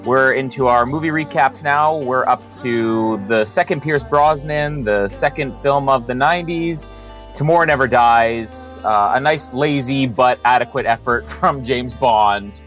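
A man's voice: mid-range voice, measured pace, a bit bright, faint music behind, low-quality recording. A man co-hosting a film review podcast in a casual chat, laughing between phrases and using lots of fillers. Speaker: podcast co-host.

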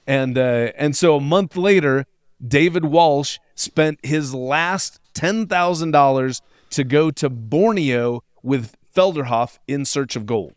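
Man, podcast co-host, wry casual storytelling, smooth voice, dry sound. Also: fairly high pitch, takes it slowly, no echo. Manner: wry, conversational, lots of fillers.

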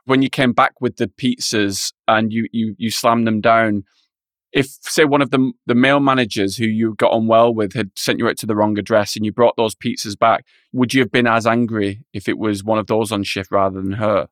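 Male interviewer, lowish voice, dry sound, calm follow-up questions. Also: normal speed, no echo.

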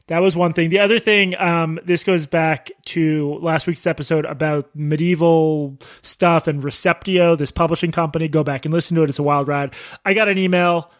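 A man co-hosts a podcast with an easy, joking manner, trading sarcastic asides with his partner. His voice sits a little high, and the dry studio mic picks it up close with almost no room sound. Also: steady tone, normal speed, dry recording. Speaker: podcast co-host. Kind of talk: casual chat.

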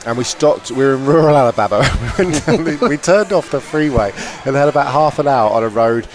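A man's voice: mid-range voice, fairly quick. A man hosting a podcast, telling a story casually, laughing often and acting out what people said. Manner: animated, laughs often, acts out quotes. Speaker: podcast co-host. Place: tour bus.

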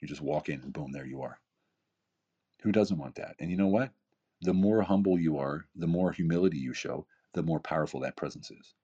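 A man in his fifties with a very deep, husky voice talks casually but emphatically as a podcast guest. He hammers points home with rhetorical questions and repetition. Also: brisk, dark tone, lo-fi sound. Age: 50s. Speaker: podcast guest, keynote speaker and author. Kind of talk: casual motivational talk.

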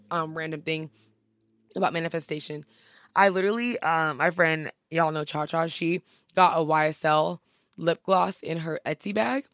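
A woman's voice: sits low, fairly bright tone, no room sound, studio quality. A young woman hosting a podcast, chatting casually and gushing with lots of slang. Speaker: podcast host. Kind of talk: casual chat.

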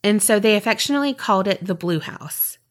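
A woman's voice: medium pitch, animated, fast talker. A woman with a Southern US accent, co-hosting a podcast with rambling, chatty talk and then telling a story. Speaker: podcast co-host. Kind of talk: casual chat and storytelling.

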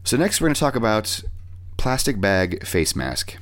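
A man with a very deep voice hosts a casual music podcast. He swears freely as he talks through bands and records. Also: sing-song, normal speed, a bit bright. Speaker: podcast host.

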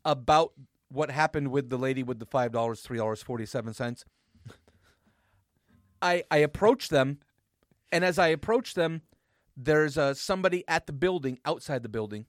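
A man's voice: medium pitch, moderate pace, long pauses, no echo, clean studio sound. A man co-hosting a radio show, chatting casually, laughing often and telling stories with lots of energy. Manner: animated, laughs often, storytelling. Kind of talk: casual on-air banter.

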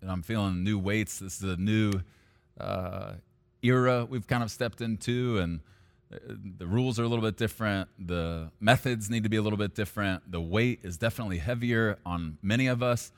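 A male pastor preaching a sermon, at times rising to loud, high-pitched intensity. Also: normal speed, clear, resonant tone.

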